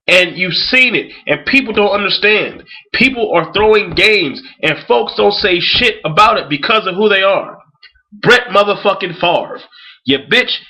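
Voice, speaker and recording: A man's voice: high-pitched, sharp tone, low-quality recording. A man ranting about sports in a vlog, angry and profane, swearing heavily with a swaggering delivery.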